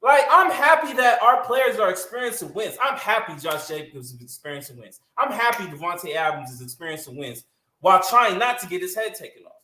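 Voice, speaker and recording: A woman's voice: mid-range voice, expressive, brisk, bright, forceful tone. A woman co-hosting a sports podcast, ranting in a heated, emphatic way and cussing freely. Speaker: podcast co-host. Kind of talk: casual sports podcast rant. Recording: echoey room.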